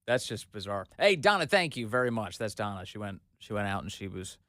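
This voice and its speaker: A man's voice: lowish voice, fairly quick, dry recording. Male talk radio host, dry studio sound. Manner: jokey, laughs easily, animated retelling. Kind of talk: casual talk radio chat with callers. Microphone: studio microphone.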